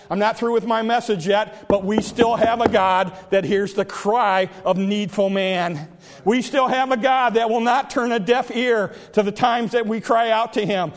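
A man delivers an impassioned sermon in a high voice. He keeps repeating his phrases and bursts into loud cries when he acts out the scripture stories. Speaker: preacher.

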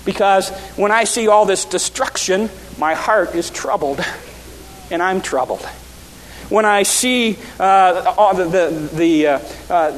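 A man with a high voice preaches an earnest sermon from a church pulpit. He often stumbles and repeats words as he goes. His voice rings with the long echo of a large hall. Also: a bit bright, slight background noise. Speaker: pastor.

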